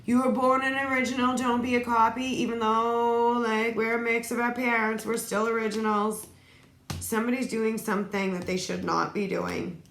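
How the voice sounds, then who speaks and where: A woman's voice: a little high, level tone, moderate pace, fairly bright tone. A woman giving a solo tarot reading, reading card phrases aloud and adding casual asides. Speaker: tarot reader. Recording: echoey room, faint noise.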